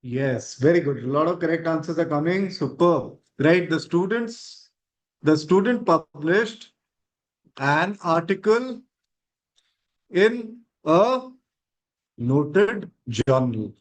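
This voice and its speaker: Slow-talking teacher. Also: male voice, a little high, animated, rough recording. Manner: encouraging, repeats praise and "right?" checks. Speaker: online English teacher. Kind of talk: live online grammar class.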